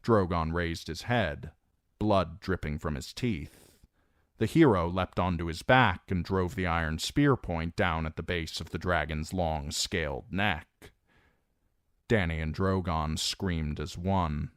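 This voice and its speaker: Male narrator for a fantasy audiobook: deep, unhurried, dramatic delivery, dry close sound. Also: clear, resonant tone, dry recording. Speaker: audiobook reader.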